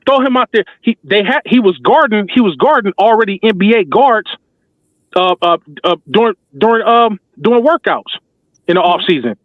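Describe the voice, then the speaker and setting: A man's voice: high-pitched, expressive, normal speed, dry recording. A man giving passionate, slangy basketball fan commentary as a talk show host, emphatic and repetitive like a preacher. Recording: tinny phone-like dry sound.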